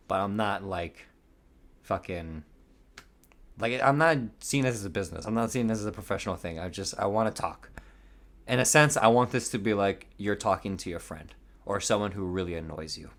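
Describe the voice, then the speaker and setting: A man's voice: fairly low pitch, fairly bright tone. A young man hosting a casual solo podcast, rambling through a story, swearing freely and laughing at himself. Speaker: podcast host. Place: home room by a window.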